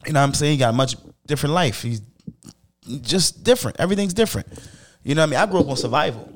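A middle-aged man hosting a podcast, talking candidly and emphatically with lots of swearing, dropping low and quiet, then rising loud. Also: animated, racing. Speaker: podcast host.

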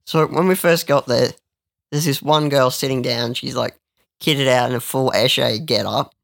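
Young man, crude and rambling storyteller; gravelly, dry close recording. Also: mid-range voice, fairly even intonation, normal speed, a bit bright, no echo. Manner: rambling, crude, with lots of restarts. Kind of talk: casual storytelling chat.

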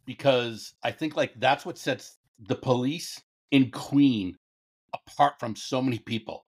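A man's voice: mid-range voice, unhurried, husky. A man co-hosting a music podcast, speaking emphatically and casually with some swearing. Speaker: podcast co-host. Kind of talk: casual music review chat.

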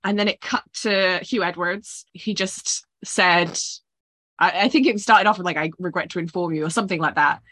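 A woman's voice: on the low side, moderate pace, bright, forceful tone. A woman co-hosting a podcast in casual chat, reflecting and thinking aloud. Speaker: podcast co-host.

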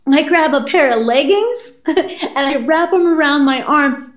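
Speaking high and at a measured pace, this woman is a guest on a podcast sharing something from her own life. Her style is casual, blunt and full of swearing, and she voices other people with animated impressions. There's a roomy echo on the audio.

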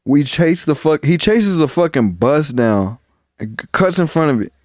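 A man's voice: on the high side, lively intonation, moderate pace, dry recording, clean studio sound. A young man co-hosting a podcast, telling long profane stories from childhood in a rambling, casual way. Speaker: podcast co-host. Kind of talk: casual chat.

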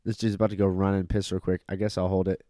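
A man's voice: sits low, little pitch movement, fast talker, dark tone. A young man in casual chat, drunk and rambling, swearing casually.

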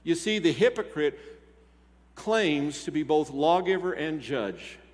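A man's voice: a little high, expressive, measured pace. A man who is a pastor, preaching a sermon in a conversational way and asking his congregation questions. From Texas. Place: church sanctuary. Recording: church hall reverb.

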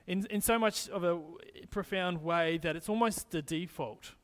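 A man's voice: high-pitched, normal speed, a bit bright. A man as pastor giving a conversational sermon, often restarting his phrases as he explains scripture.

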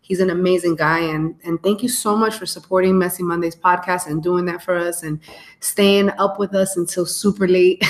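A woman co-hosts a casual podcast live stream, her voice sitting a little low. She talks in loose, slangy chat and keeps giving shout-outs, speaking into a phone. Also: steady tone, normal speed. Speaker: podcast co-host.

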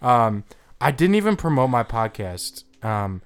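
Man, podcast host, mid-pitched, smooth resonant voice, relaxed and chatty. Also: unhurried. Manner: relaxed, chatty, casual swearing. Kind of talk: casual podcast chat.

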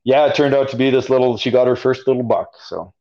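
A man's voice: mid-range voice, quick pace, darkish tone. A man with a Canadian accent, a podcast guest telling a story casually, full of fillers. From Alberta, Canada. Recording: dull lo-fi audio.

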